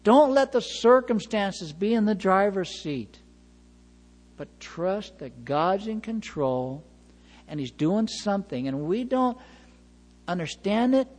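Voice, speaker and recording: A male pastor preaching a sermon, retelling scenes with lively acted-out dialogue and chuckles. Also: sits high, slow, in a large hall. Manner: animated storytelling, acts out dialogue, chuckles.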